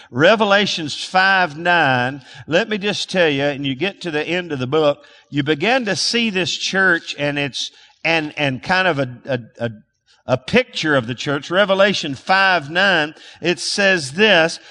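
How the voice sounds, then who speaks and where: A man's voice: a little high, pushed and bright. A man preaching a sermon as a pastor, calling on the congregation to repeat words back, with frequent restarts and fillers. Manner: calls for audience responses, restarts and fillers. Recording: long hall reverb.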